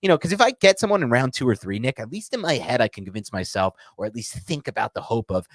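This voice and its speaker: A man's voice: medium pitch, very animated, quick pace, few pauses, no room sound. A man co-hosting a sports podcast, talking frankly and animatedly and acting out quotes. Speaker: podcast co-host. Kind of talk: casual sports chat.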